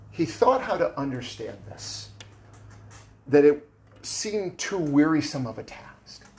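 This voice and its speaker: A man's voice: on the high side, a little mellow. A man preaching a sermon as pastor, conversational and plainspoken, with casual asides to the congregation. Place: church sanctuary.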